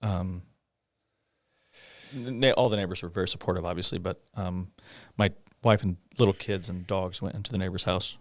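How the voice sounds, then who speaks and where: A middle-aged man speaks in a lowish voice, close and dry with no room sound. He talks in a halting, conversational way, stopping often on fillers. Now and then he breaks into a rueful laugh as he tells a personal story to an interviewer. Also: fairly even intonation, dry recording. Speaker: guest, police officer.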